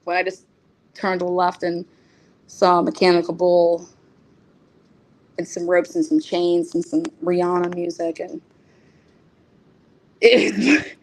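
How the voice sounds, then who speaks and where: A woman telling a story in a casual, animated way, often laughing, using lots of fillers, and acting out other people's lines in a raised voice. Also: on the low side, takes it slowly, pauses often. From United States. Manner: frequent fillers like "like" and "oh my God".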